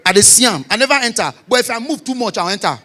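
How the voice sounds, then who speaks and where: A man in his forties with a Nigerian Pidgin English accent, telling stand-up comedy stories, shouting punchlines and dropping low for asides. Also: expressive, quick pace. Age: 40s.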